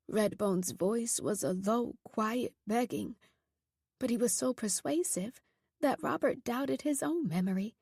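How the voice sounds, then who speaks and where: A woman narrating a horror audiobook in a measured, steady storytelling voice. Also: on the high side, gravelly, husky, dry recording, clean studio sound.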